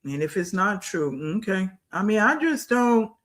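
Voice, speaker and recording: A woman's voice: mid-range voice, sing-song, unhurried. A woman hosting a reaction livestream, scolding bluntly, repeating phrases for emphasis and greeting her live chat. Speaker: livestream commentary host.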